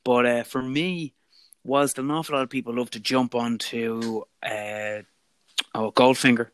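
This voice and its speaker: A man's voice: medium pitch, a little slow. A man, chatting animatedly about films as a podcast co-host. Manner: animated, chatty, Irish turns of phrase. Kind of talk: casual film chat. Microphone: remote call mic.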